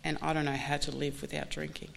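A woman's voice: low voice, level tone, gravelly, a little hiss or hum. Candid woman sharing a recovery story. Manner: candid, halting, many restarts and you-knows. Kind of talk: personal testimony talk.

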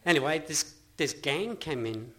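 A man's voice: on the high side, expressive, normal speed, sharp tone. Earnest Australian man sharing his story. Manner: earnest, rambling, with frequent restarts and laughs. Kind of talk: personal testimony talk.

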